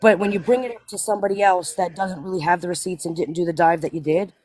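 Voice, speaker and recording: A woman's voice: lowish voice, fast talker, no room sound. Woman host venting on a live stream. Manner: animated, repeats "you know what I mean". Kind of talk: casual live-stream chat.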